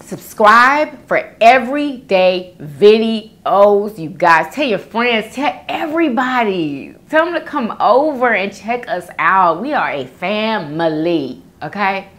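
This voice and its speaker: A woman's voice: mid-range voice, expressive, slow, few pauses, fairly bright tone. A woman, chatting casually as a vlogger, reading viewer comments aloud and laughing often.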